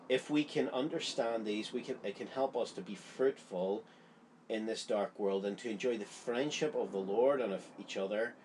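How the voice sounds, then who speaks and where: A man's voice: on the low side, darkish tone, slight background noise. A man giving a Bible study, explaining a chapter in an earnest, conversational way. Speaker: Bible teacher.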